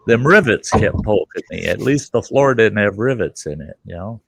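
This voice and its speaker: Low gravelly male host, lively swooping delivery, rambling and profane. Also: normal speed, no room sound. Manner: rambling, profane, amused storyteller. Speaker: host telling a story. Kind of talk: casual storytelling chat.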